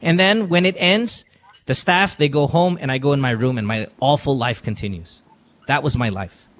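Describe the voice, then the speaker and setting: This podcast host speaks from a radio studio at normal speed, with a mid-range, fairly bright voice and slight background noise. Taking calls, he offers heartfelt advice earnestly and confessionally, often saying things more than once.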